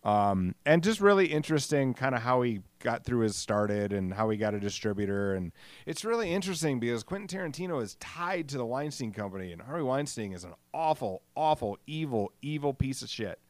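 Middle-aged male podcast host, loose and profane, dry close mic, mid-pitched. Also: big pitch swings, brisk, dry recording. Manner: rambling, profane, self-deprecating. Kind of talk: casual solo podcast monologue.

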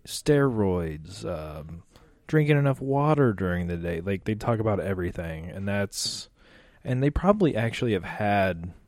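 A man who is a guest on a podcast, talking in a relaxed, casual way and joking with the host. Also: on the low side, no echo, clean studio sound. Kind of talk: casual chat.

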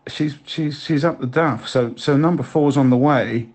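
A man leaving rambling, halting voicemail messages for a friend, with many restarts. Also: medium pitch, a little mellow, natural voice. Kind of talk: improvised comedy voicemails.

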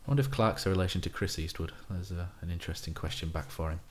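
A man hosting a casual interview, asking quiz questions and reading lines deadpan. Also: sits low, very fast. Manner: reads commentary in a deadpan voice. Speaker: podcast host.

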